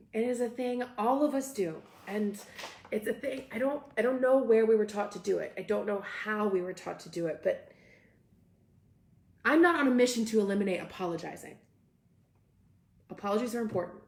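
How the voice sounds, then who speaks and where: A woman's voice: mid-range voice, vocal fry, echoey room. A young woman hosting a casual live stream, reading viewer comments aloud and reacting with upbeat energy. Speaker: host.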